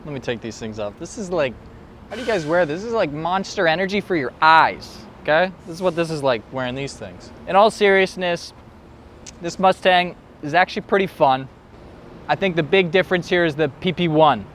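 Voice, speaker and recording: A man's voice: on the high side, lively intonation, brisk. A young man giving a casual, chatty car review from in and around a car, with frequent fillers. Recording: loud car and road noise.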